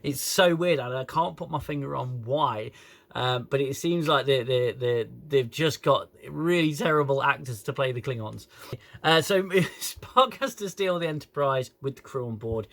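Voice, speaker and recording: A man's voice: medium pitch, normal speed, creaky, a bit bright. A man reviewing a show in an exasperated, sweary rant, stumbling over restarts, recorded on a camera phone. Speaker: YouTube reviewer.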